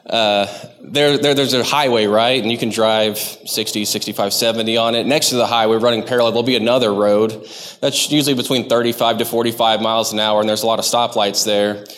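A man's voice: on the low side, steady tone, fairly quick, fairly bright tone, in a large hall. A man from Texas, giving a sermon to his church in a conversational, self-deprecating way, often stopping and restarting his sentences. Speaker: lay preacher. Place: church sanctuary.

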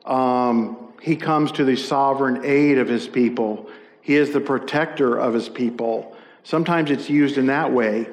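A man's voice: mid-range voice, a little slow, big-room sound. A middle-aged man preaching a conversational sermon as a pastor, with frequent fillers and self-corrections.

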